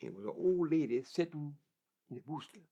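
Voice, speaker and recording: A man's voice: a little high, fairly quick, warm tone, husky. An older man telling his life story in an interview, plain-spoken and vivid, often repeating words as he goes. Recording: dull lo-fi recording.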